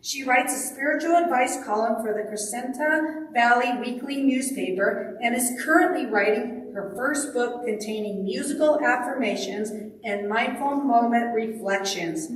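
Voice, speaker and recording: A woman's voice: on the high side, moderate pace, a little hiss or hum. Woman MC in an echoey hall. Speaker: service MC introducing the speaker. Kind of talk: reading a speaker introduction. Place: church sanctuary. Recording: distant mic in echoey hall.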